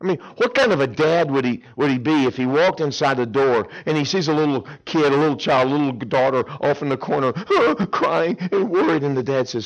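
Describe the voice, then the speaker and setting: Expressive middle-aged male preacher. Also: a little high, brisk, few pauses, muffled recording. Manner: emphatic preaching, swinging between loud and hushed. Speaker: pastor. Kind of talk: sermon.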